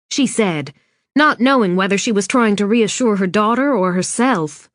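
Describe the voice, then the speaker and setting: A woman narrating a suspense novel in a measured, even scripted reading. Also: medium pitch, no room sound. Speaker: audiobook narrator. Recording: dry studio read.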